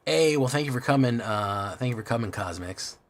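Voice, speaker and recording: A man's voice: mid-range voice, expressive, a little fast. A man streaming a card game in casual chat, rambling and self-deprecating, swearing often.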